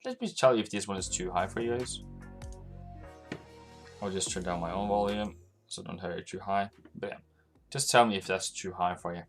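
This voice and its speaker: A man's voice: sits low, normal speed, long pauses, faint music behind. A man hosting a live trading stream, loosely rambling to his chat while working through charts. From Norway. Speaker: forex trading livestream host. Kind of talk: live-stream market commentary.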